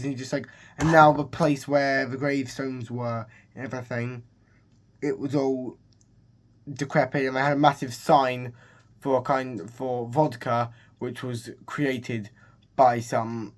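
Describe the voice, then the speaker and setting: A man's voice: medium pitch, fairly even intonation, normal speed. A man casually recapping a film's plot in a rambling, restart-filled way. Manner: rambling, full of restarts and "he's just like". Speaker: movie reviewer.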